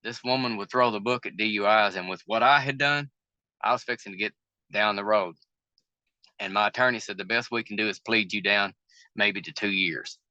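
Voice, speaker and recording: A man's voice: on the low side, moderate pace, pushed and bright, dry recording, highs cut off. An older man with a Southern American accent, a river boat captain telling candid stories in an interview, plain-spoken and folksy, acting out the dialogue of the people in his stories. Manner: folksy, plain-spoken storyteller who acts out quoted dialogue.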